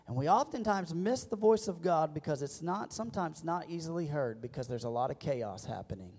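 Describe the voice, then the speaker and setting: A man preaching a sermon as pastor, leading the congregation in call-and-response and building to loud emphatic peaks. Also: fairly high pitch, expressive, a little fast. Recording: long church reverb.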